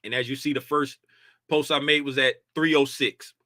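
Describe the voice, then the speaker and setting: A man's voice: medium pitch, steady tone, moderate pace, bright, forceful tone, no room sound, studio quality. A man casually walking through trading charts on his screen, talking in a loose, colloquial way and checking in with "right?" after most points. He sounds tired and a bit draggy. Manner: conversational, repeats "right?" often, colloquial speech. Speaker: futures trading educator.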